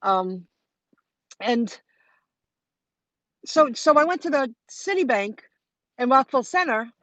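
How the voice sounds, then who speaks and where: A woman's voice: on the high side, very animated, takes it slowly, a bit bright, no room sound. A woman telling a story in a chatty, rambling way on a live stream, talking straight to her viewers from her car. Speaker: vlogger hosting a live stream. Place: in her car while driving.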